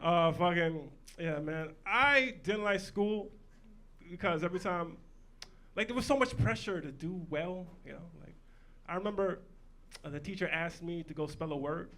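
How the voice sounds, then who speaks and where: A man performing a stand-up set in a comedy club, loud and profane, telling punchy stories. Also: sits high, moderate pace. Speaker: stand-up comic.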